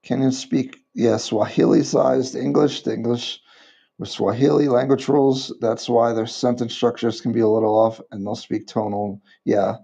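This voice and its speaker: A man in his thirties from the United States, chatting casually on a livestream and rambling with halting restarts. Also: medium pitch, steady tone, gravelly, dark tone, muffled recording. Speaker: livestream vlogger.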